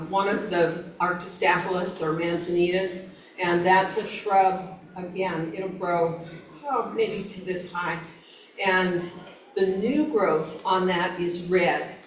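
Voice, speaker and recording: At an outdoor garden gathering, a fairly low-pitched woman gives a casual nature talk about plants, full of laughter and fillers. Picked up from a distance, the sound is roomy, with faint ambience and a bit of background noise.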